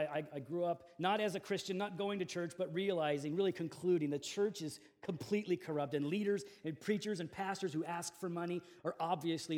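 Male pastor, forties, relaxed storytelling sermon, slightly higher-pitched voice. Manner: conversational storytelling with fillers and restarts.

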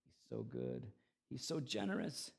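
A man pastor preaching a sermon, conversational and animated, swinging between loud emphatic peaks and quiet asides, with self-deprecating humor. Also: mid-range voice, a little slow, creaky, breathy edge.

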